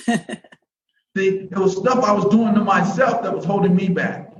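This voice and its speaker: A man's voice: high-pitched, a little slow, background noise. A man telling motivational stories as an interview guest, with a folksy, preacher-like cadence and many restarts. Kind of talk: motivational storytelling. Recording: echoey, distant, dull audio.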